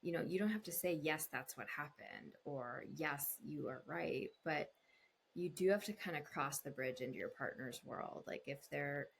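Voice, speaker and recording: A woman speaking as a couples therapist in an interview, explaining calmly and acting out voices in quoted examples. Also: normal speed, vocal fry, a little hiss or hum. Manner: explanatory, acts out voices in quotes with big pitch jumps. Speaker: couples therapist, podcast guest. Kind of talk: conversational interview answers.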